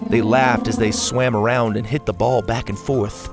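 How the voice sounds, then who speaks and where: A man narrating a kids' adventure story in an expressive, animated storytelling manner. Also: medium pitch, moderate pace, music in the background.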